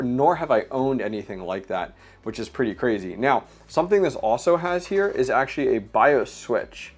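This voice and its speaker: Man, mid-pitched voice, casual home vlog, chatty, lots of ums and uhs. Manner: chatty, filler-heavy, explains hardware step by step. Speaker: crypto mining channel host.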